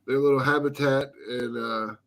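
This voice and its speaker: A middle-aged man telling a story in casual chat, relaxed and rambling, with many pauses and "uh"s. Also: medium pitch.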